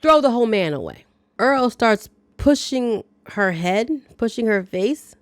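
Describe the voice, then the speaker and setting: A woman's voice: on the high side, animated, unhurried, no echo. A woman hosting a casual movie recap, chatty, with playful asides and reactions to the story. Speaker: movie review host.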